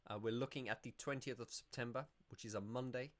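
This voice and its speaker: A man's voice: medium pitch, fairly even intonation, fast, fairly bright tone. Chatty man hosting a livestream. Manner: chatty and rambling, laughs often, many restarts. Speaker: YouTube channel host. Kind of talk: casual livestream Q&A.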